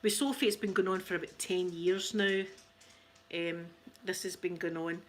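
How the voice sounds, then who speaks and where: A woman's voice: fairly low pitch, steady tone, normal speed. A middle-aged Scottish woman hosting an ASMR channel, chatting casually and telling family stories, often laughing and acting out quoted voices. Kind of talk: casual storytelling chat.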